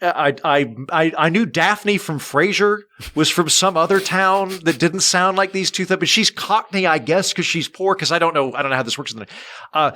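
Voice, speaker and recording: An American man, a comedian, chatting as a podcast guest in an animated, rambling, jokey way. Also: a little high, normal speed. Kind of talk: casual chat.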